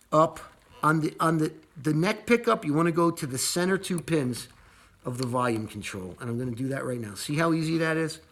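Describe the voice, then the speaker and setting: A man's voice: a little high, a bit bright. A man casually walking viewers through a wiring job, rambling, repeating words and cursing when annoyed. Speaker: video host demonstrating an install. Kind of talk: casual how-to walkthrough.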